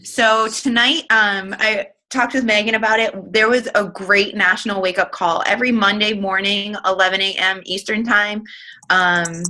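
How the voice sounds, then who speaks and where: A woman's voice: mid-range voice, steady tone, normal speed, pushed and bright, poor audio. A woman leading a casual online team call, chatty and giggly, with plenty of fillers. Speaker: team leader hosting a coaching call. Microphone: online group call.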